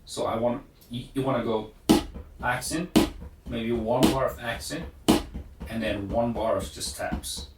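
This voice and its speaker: A man gives a drum lesson from a distance to the mic. He talks slowly and counts beats aloud. The room rings with echo, and loud practice-pad hits and metronome clicks fill the background. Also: mid-range voice, fairly even intonation, heavy background noise. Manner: counts beats aloud, plain explanatory talk. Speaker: drum teacher. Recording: echoey room, far from mic, loud drumming.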